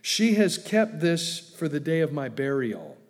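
A pastor preaching a sermon in a conversational way, with joking asides and acted quotes. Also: male voice, on the high side, big pitch swings, measured pace, in a large hall.

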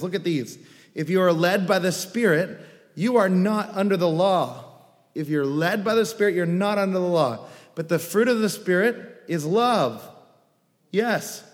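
A male pastor delivers a sermon with a fairly high voice, animated and playful, dropping wry asides between points. The sound carries the long reverb of a large hall. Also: moderate pace. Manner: animated, joking asides and acted quotes.

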